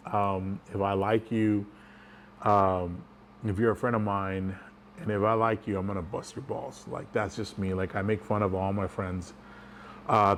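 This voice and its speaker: A man's voice: on the low side, a little hiss or hum. A man telling a personal story in a casual, rambling way, chuckling as he goes. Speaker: vlogger.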